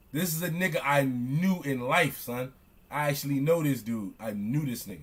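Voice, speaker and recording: A young man, reacting on stream in loud, excitable, slangy commentary that keeps repeating itself. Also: mid-range voice, normal speed, long pauses, breathy edge. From Chicago. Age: young adult.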